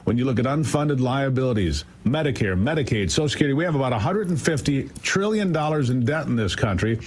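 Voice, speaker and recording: A man's voice: mid-range voice, animated, fast, breathy edge. A man giving emphatic political commentary as a guest on a morning news show, firing off incredulous rhetorical questions.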